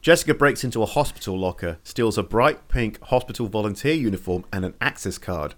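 A man's voice: fairly low pitch, lively intonation, fairly quick. A man hosting a casual podcast, eagerly recapping a TV episode and chatting with his co-host.

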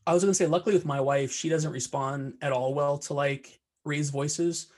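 Husky-voiced young man musing. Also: on the high side, steady tone, moderate pace, darkish tone. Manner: thoughtful, filler-heavy. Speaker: podcast co-host. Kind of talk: casual podcast chat.

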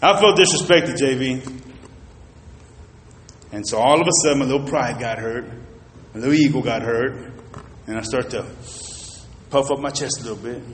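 A man preaching a sermon, telling a personal story in an animated way and talking straight to the congregation. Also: medium pitch, moderate pace, pauses often, slight background noise. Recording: reverberant hall.

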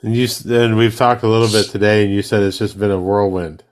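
Man with a low voice, laughing host. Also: fairly even intonation, fast. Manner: brief laughing reactions. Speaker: interviewer, host. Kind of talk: casual interview.

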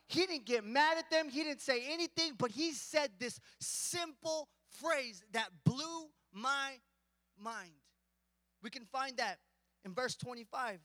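A man's voice: very high voice, a little slow, fairly bright tone, no room sound, long reverb tail. A man preaching a casual, conversational sermon, joking with the congregation and rising to emphatic points.

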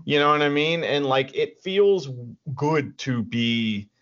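A man's voice: fairly high pitch, lively intonation, slow pace, fairly bright tone. A man co-hosting a podcast in casual chat, ranting with lots of profanity and restarts. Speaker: podcast co-host. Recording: dull lo-fi audio.

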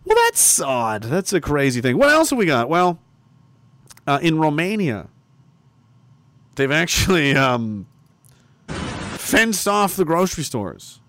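Man, sarcastic, casual commentary, swinging pitch, fairly high voice. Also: takes it slowly, pauses often. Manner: sarcastic, animated, swears. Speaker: commentary streamer. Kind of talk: casual commentary reading headlines.

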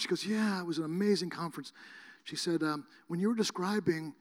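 A man's voice: sits high, a little fast. A middle-aged man preaching a sermon, telling a story and acting out both sides of the conversation. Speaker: pastor. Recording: long reverb of a large hall.

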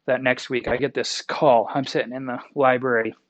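A man's voice: mid-range voice, level tone, normal speed. A young man from Wyoming, telling a story as an interview guest in a folksy, rambling way with many self-corrections.

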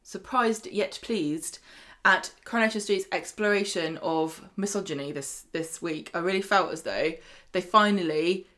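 A woman co-hosting a casual chat, retelling soap scenes with lively quoted voices. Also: lowish voice, measured pace. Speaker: podcast co-host.

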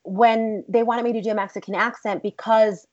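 A woman from Texas, an actress telling stories in a casual interview, animated and rambling with lots of fillers. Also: a little high, normal speed, muffled recording. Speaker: actress guest.

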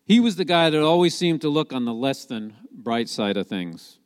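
A man giving a sermon as a Messianic preacher, telling the story in a lively way and asking rhetorical questions. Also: medium pitch, moderate pace, long reverb tail.

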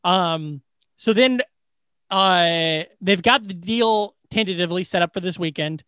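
A man co-hosting a podcast, retelling a film's scenes in a casual, profane, animated way. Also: high-pitched, unhurried, smooth, no echo, clean studio sound. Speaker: podcast co-host. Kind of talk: casual movie recap chat.

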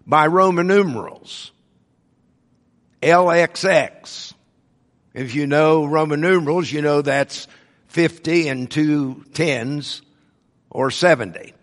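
A man delivers a sermon at an unhurried, deliberate pace, leaning on the words he wants his listeners to catch. His voice sits a little high for a man. The sound carries a long reverb, as in a large hall. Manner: slow, deliberate teaching with emphasized words. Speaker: preacher.

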